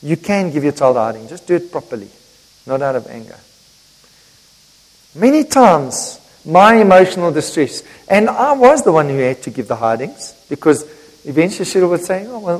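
Lively preacher in a reverberant hall. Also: male voice, high voice. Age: older. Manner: emphatic preaching with sudden loud and quiet swings; jokes and talks directly to the congregation. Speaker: pastor. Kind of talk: sermon. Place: church hall.

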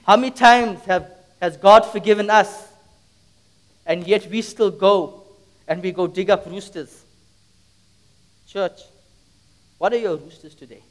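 A man preaching a sermon in a church, telling a story dramatically and pressing the congregation with repeated rhetorical questions. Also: high voice. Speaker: pastor.

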